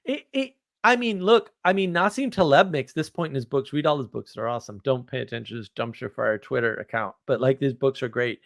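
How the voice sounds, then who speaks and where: A man's voice: mid-range voice, brisk, gravelly, few pauses, dry recording. A man hosting a casual, rambling chat, blunt and self-deprecating, joking as he talks. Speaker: host.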